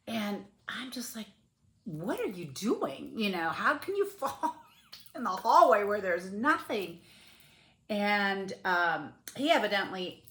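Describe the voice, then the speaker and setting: A middle-aged woman telling a home story to her viewers, her voice sitting a little low. She laughs her way through it and jumps up loudly whenever she quotes herself. The room around her is noticeably echoey. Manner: animated, laughing storyteller who rises to near-yells in quoted outbursts. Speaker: flosstube host. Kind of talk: casual storytelling to camera.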